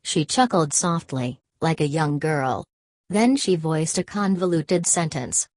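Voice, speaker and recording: A woman reading a first-person story aloud in an even, measured way. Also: low-pitched, dry recording. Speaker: audiobook reader. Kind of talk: first-person audiobook narration.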